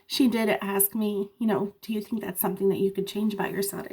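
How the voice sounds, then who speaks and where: A woman vlogger telling a story in casual chat, animated, with laughing asides and many fillers, fighting off a cough. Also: medium pitch, fairly quick, breathy edge. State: sick with a cough.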